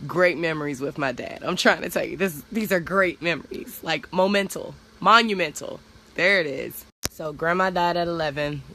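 A woman's voice: deep voice, fairly bright tone. A young woman telling a personal story on her vlog in a blunt, candid, profane way. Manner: blunt, candid, profane, speeds up when worked up. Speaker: vlogger.

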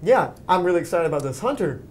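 A man's voice: high-pitched, very animated, fast talker, slight background noise. A man hosting a casual movie podcast, eager and chatty, steering the talk and asking the others for their views. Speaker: podcast host.

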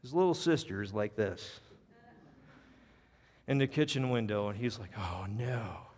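Long reverb and faint music fill the church sanctuary as a male pastor tells a story and leads an altar call. His mid-range voice is animated and moderately paced, earnest in the telling and dropping soft for the invitation.

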